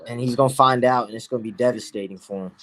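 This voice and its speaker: A man's voice: medium pitch, fairly even intonation, racing, fairly bright tone. Brash, profane trash-talking man. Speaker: guest pro fighter. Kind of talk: casual podcast chat.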